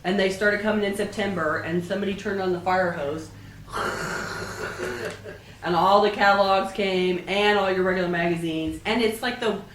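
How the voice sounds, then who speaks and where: Speaking fairly quickly with hardly any pauses, a Texan woman with a cold delivers a casual talk to a meetup audience as a professional organizer. Her medium-pitched voice stays steady as she chats and keeps checking in with "right?", with slight background noise, an echoey room, and a distant mic.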